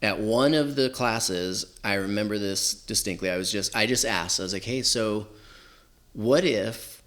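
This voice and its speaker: Man from southern california, low voice, rambling storyteller, laid-back. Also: measured pace, a bit bright. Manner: rambling, heavy use of "like" and "you know". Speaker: podcast guest. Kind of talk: casual storytelling.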